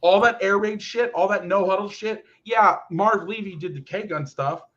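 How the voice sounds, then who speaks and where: Male football host, fiery profane rant, slightly high voice, muffled lo-fi sound. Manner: animated, profane, fast ranting. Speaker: football podcast host and coach. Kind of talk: casual rant. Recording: lo-fi muffled audio.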